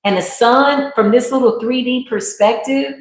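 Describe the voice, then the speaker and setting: A woman's voice: on the high side, moderate pace. A woman giving a live spiritual tarot reading in a slangy, emphatic, preacherly way. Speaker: tarot reader. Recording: very echoey room.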